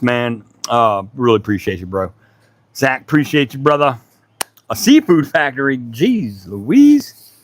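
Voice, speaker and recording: A man's voice: medium pitch, fairly bright tone. A middle-aged man hosting a woodworking livestream from his home workshop. He chats casually and rambles, greeting viewers by name. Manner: laid-back, rambling, talks to chat by name.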